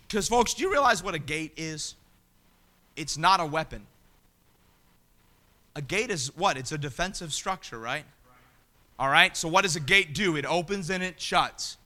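A man preaching a sermon, emphatic and building to shouts. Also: high-pitched.

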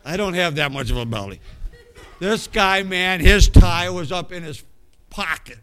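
A man preaching from the pulpit in a slightly higher-pitched voice. He tells his testimony with animation, dropping low and quiet, then climbing to loud, emphatic stretches. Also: unhurried, clear, resonant tone. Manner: animated storytelling that swings from quiet asides to loud emphatic bursts. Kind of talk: sermon, personal testimony.

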